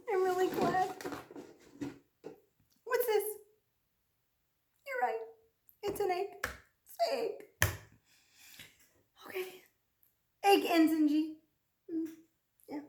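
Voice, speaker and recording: A woman teaching a children's speech lesson, encouraging and slowly over-articulating each prompt. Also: extremely high pitch, a little mellow, a little hiss or hum. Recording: echoey room.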